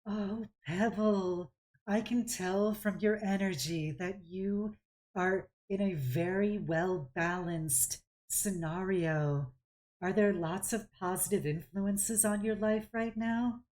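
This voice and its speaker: A woman voicing a gentle, plant-like female high druid with a super calm, soothing voice in a tabletop game. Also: slow pace. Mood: serene, soothing.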